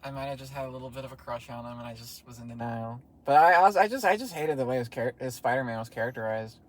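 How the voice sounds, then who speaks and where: A man's voice: mid-range voice, fast talker. A man co-hosting a casual movie review chat, sarcastic with crude jokes. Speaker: co-host.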